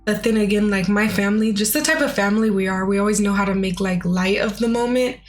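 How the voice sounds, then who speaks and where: A woman's voice: medium pitch, fast, soft background music. A young woman telling a personal story in a casual, chatty way, with lots of "like" and "you know.". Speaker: vlogger.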